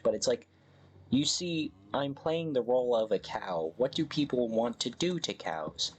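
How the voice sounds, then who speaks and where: A man's voice: lowish voice, sing-song, moderate pace, breathy edge. A man streaming a survival game, chatting casually and correcting himself as he rambles. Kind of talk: casual live game commentary.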